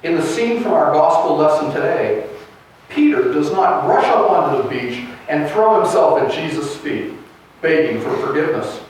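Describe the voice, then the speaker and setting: A man's voice: a little high, expressive, moderate pace. A man preaching a sermon as pastor, retelling a gospel story in a storytelling way. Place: church sanctuary. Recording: echoey church from a distance.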